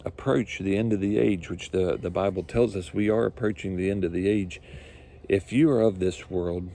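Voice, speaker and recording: A man's voice: deep voice, fairly even intonation, normal speed, warm tone. A male pastor preaching a sermon, earnest and repetitive, building his points with rising emphasis.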